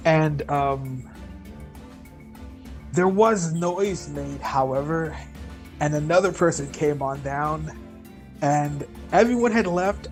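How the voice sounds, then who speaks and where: A man playing in a tabletop game, recapping in a casual, easygoing way and prone to chuckling. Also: a little high. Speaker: player.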